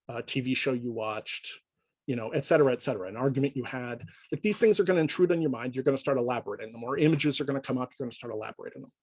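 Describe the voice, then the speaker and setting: A man lecturing in a relaxed, conversational way, often checking in with his listeners as he explains. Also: mid-range voice, no echo, poor audio. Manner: conversational, checks in with frequent "right?". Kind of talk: informal lecture.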